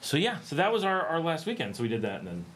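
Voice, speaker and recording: A man's voice: on the high side, huge pitch swings, fast, fairly bright tone, slight background noise. A middle-aged American man chatting casually on his livestream, rambling with many ums and restarts. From United States. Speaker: livestream host.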